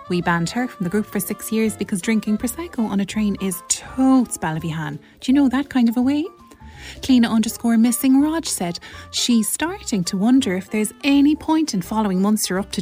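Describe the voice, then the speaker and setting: A woman's voice: on the high side, a little mellow, lightly acted. A woman playing a gossipy, catty young Cork woman with a Cork accent, in a comedy sketch. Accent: Cork Irish.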